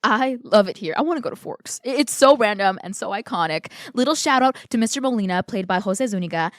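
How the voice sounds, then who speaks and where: A woman's voice: medium pitch, lively intonation, fairly quick, no room sound. A woman co-hosting a film podcast in a casual chat, gushing and playful about her topic. Her voice sits in a middle register. It is recorded close and dry, with no room sound. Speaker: podcast co-host.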